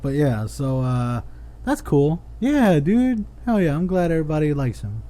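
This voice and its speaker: Young man, podcast co-host, laid-back chat, mellow voice, casual swearing. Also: a little high, very animated, moderate pace.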